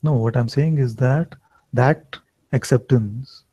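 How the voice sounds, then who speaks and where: Slow, gentle-voiced spiritual teacher man. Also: mid-range voice, slightly rough, no room sound, poor audio. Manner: slow, reflective, gently questioning. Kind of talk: satsang talk.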